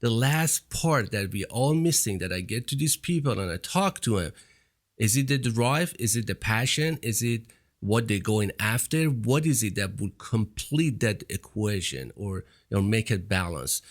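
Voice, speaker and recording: A man's voice: lowish voice, lively intonation, measured pace. A man hosting a podcast interview, speaking English as a later-learned language with an accent, often adding "you know" and restarting sentences. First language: not English. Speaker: podcast host. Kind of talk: casual interview chat.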